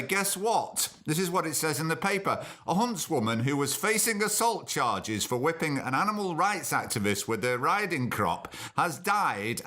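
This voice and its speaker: Male host, sarcastic news reader, a bit high, bright and forceful tone. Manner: sarcastic, mocking asides, chatty. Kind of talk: casual commentary, reading news aloud.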